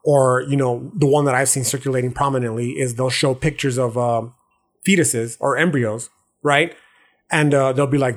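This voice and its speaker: A man's voice: mid-range voice, fairly even intonation, a little fast. A man hosting a podcast, talking through philosophy in a loose, profane, slangy monologue that keeps checking in with the listener. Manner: profane, slangy, loose street-talk delivery; frequent restarts and check-ins like "okay" and "right". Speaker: podcast host.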